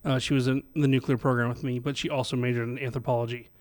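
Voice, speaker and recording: A man's voice: medium pitch, level tone, quick pace. A man co-hosting a casual podcast, easygoing and joking. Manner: easygoing, joking, laughs often. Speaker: podcast co-host. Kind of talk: casual chat.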